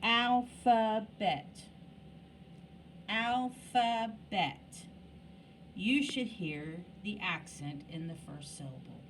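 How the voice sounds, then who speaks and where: Woman teacher doing phonics for little kids, real slow, voice bouncing up and down a lot, mic a bit far off with light hiss. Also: deep voice, big pitch swings, fairly bright tone. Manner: exaggerated word pronunciation, patient questions to young students. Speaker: elementary school teacher. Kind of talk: slow, deliberate phonics lesson for children.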